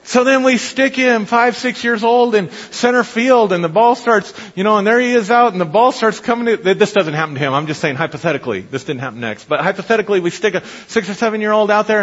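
A middle-aged man preaches with a husky, rather high voice, spinning anecdotes with frequent laughs and restarts. The sound is dull and lo-fi, with a long reverb trailing off the walls of a church hall. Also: fairly quick. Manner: animated storytelling, laughs often, repeats words. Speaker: pastor. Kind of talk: sermon.

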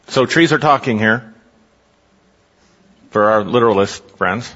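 A man's voice: on the low side, measured pace, pauses often, a bit bright. A man preaching a sermon, teaching in a conversational way and putting questions to his listeners. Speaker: pastor. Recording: dull, reverberant hall recording.

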